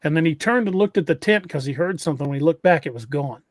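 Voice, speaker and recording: A man's voice: a little high, animated, quick pace, dry recording. Man retelling a scary story, dry close mic. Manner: retells an encounter story with many restarts. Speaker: podcast host. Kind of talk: casual storytelling.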